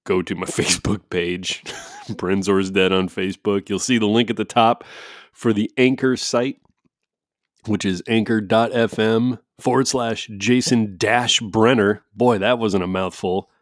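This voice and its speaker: A man's voice: lowish voice, fairly even intonation, a little slow, no room sound, studio quality. A man hosting his own podcast, talking casually and sarcastically to listeners, swearing freely and often restarting his sentences. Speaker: podcast host.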